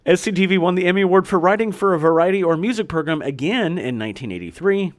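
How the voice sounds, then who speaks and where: A man's voice: high voice, lively intonation, fast talker. A man hosting a podcast, reading history notes aloud in a casual chat and laughing easily. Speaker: podcast host.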